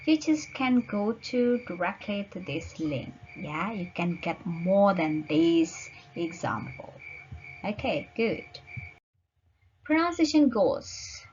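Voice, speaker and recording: A woman teaching an online lecture, slowly searching for words with frequent fillers. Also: lowish voice, animated, a little mellow, highs cut off, a little hiss or hum.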